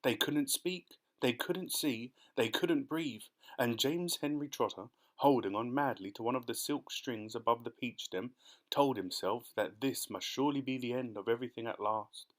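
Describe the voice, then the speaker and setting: A man narrating a children's storybook audiobook in an expressive, dramatic way. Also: medium pitch, normal speed.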